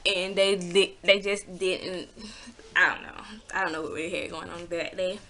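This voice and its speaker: In a casual vlog, a woman tells a personal story at an unhurried pace, animated and exasperated, cursing freely. She acts out what people said, jumping in pitch for each quote.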